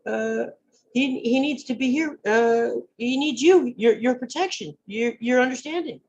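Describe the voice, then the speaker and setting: A woman's voice: on the high side, unhurried, dull audio, slight background noise. Woman reading a desperate, servile old courtier. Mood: pleading. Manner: pleading, stammering. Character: man in his sixties, desperate, servile courtier. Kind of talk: table-read acting.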